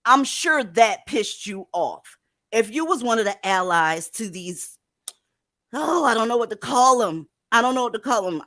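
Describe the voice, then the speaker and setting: A woman's voice: mid-range voice, bright, forceful tone, no room sound, studio quality. A woman hosting a livestream, giving blunt, profane, sarcastic commentary in a scolding tone. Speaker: livestream host.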